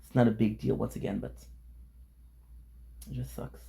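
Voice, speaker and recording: A man with a gravelly, low-fry voice vents casually to his camera. His talk is frustrated and full of swearing, and he circles back over the same words again and again. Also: steady tone, normal speed, dark tone, poor audio. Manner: frustrated, swearing, repeats himself. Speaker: vlogger. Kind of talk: casual venting vlog.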